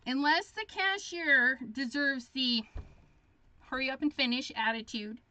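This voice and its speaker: High bright-voiced lady chatting slow and chipper while she crafts on a livestream. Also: animated. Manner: chatty, chipper storyteller reading viewer comments. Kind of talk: casual chat while crafting.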